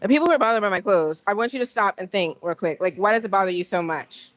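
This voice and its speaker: A woman hosting a casual livestream from a gym, talking straight to her viewers in an animated, rambling way. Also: medium pitch, fast, dry recording. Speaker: livestream host. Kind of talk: casual live-stream chat.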